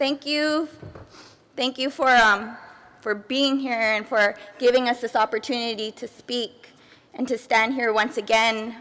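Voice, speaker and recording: A woman giving an earnest, steady public speech as a family advocate before an assembly. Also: fairly high pitch, measured pace. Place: large assembly hall. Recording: reverberant hall sound.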